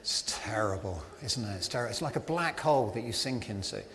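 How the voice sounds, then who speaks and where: Fairly low-pitched yet fairly bright in tone, this preacher speaks briskly and with animation. His sermon in the church hall is conversational and self-deprecating, packed with fillers and asides, captured in a reverberant space with faint ambience.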